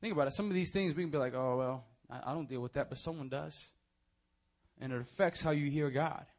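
A young man preaching a sermon, moving from hushed, earnest appeals to loud, animated storytelling. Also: a little high, fairly quick.

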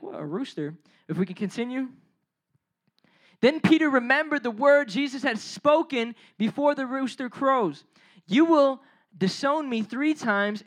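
A preacher with a high-pitched, slightly bright voice delivers a casual, conversational sermon, retelling a Bible story in slang and acting out the characters' lines. He speaks straight to the listeners and puts questions to them.

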